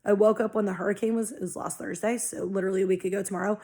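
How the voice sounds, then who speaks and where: A woman's voice: mid-range voice, steady tone, very fast, mellow. A young adult woman talking casually about spiritual growth in a blunt, heavily profane way, acting out her own past reactions. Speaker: spiritual vlogger. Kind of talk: casual monologue.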